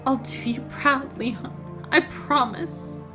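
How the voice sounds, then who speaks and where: A woman's voice: high-pitched, takes it slowly, over music. A woman voicing a young grieving queen in a storybook game, earnest and pleading.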